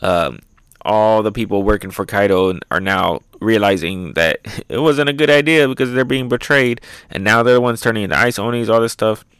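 A man's voice: lowish voice, moderate pace, fairly bright tone, clear, resonant tone, no room sound. Casual, swearing man recapping a manga. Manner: loose, profane, laughs often, frequent fillers. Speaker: manga reviewer, show host.

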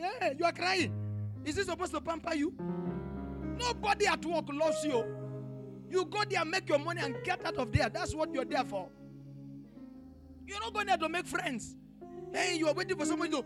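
A man's voice: very high voice, lively intonation, fairly quick, music in the background. A male pastor preaching a sermon in church, emphatic and repetitive, with rhetorical questions and bursts of tongues. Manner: preaching with rising shouted passages and speaking in tongues. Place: church in Pretoria.

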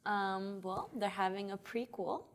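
A woman's voice: mid-range voice, fairly even intonation, measured pace. A woman co-hosting a casual podcast, laughing often and steering the chat. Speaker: podcast co-host.

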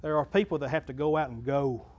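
A man preaching a sermon to his congregation in a church, folksy and plain-spoken, building to loud crescendos and dropping back to a low talk. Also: fast, muffled recording. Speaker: pastor. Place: church sanctuary.

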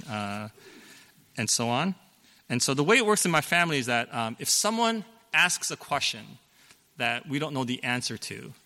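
Middle-aged male pastor, conversational sermon delivery, bright tone, church hall with a long echo. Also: mid-range voice. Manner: conversational, explanatory, with fillers and self-corrections.

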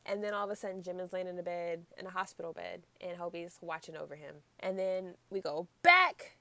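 A woman's voice: on the low side, lively intonation, a little fast, bright, forceful tone, dry recording. A woman casually recapping a show with friends, chatty and giggly, using many "like" fillers. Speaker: podcast co-host.

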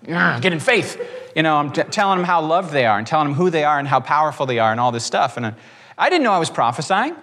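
Male preacher guest, higher voice, animated storyteller, long-reverb room. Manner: animated, acts out quotes, quick bursts. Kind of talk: storytelling testimony in conversation.

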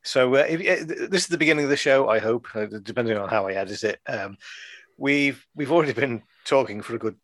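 A man's voice: mid-range voice, fast, no room sound. A British man hosting a casual podcast, rambling from joke to joke and breaking into laughter often. His voice sits in a mid range. The recording is dry and close. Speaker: podcast host. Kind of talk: casual chat.

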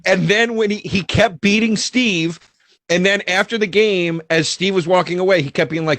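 Man, casual raconteur, lively quoting, slightly high, dry close sound. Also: moderate pace, no room sound. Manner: animated, acts out quotes in high voices. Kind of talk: casual storytelling.

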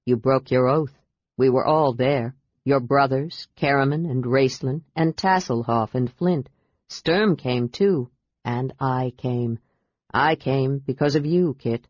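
A deep, hushed man, tender and full of longing, as a woman narrator acts him out. He speaks gently and sadly. The audiobook sound is muffled and dry. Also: unhurried, slightly rough, dry recording, full character voice. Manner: soft, gentle, low delivery. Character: human half-elf man, tender, pleading, sorrowful. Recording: dull, dry lo-fi audiobook recording.

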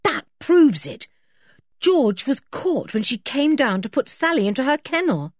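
A woman's voice: high voice, very animated, unhurried, no room sound, clean studio sound, pitched above the performer's own voice, heavily acted. A woman voicing a startled, alarmed boy in a storybook reading.

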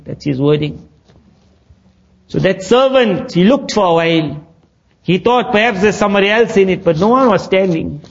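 Male preacher, high voice, earnest storyteller, muffled lo-fi recording. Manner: earnest storytelling preacher who acts out quoted speech. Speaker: Islamic preacher. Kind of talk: sermon.

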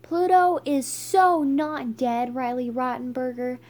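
Woman reading as an excitable young schoolboy. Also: high voice, moderate pace, slight background noise, close to an everyday voice. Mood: excited.

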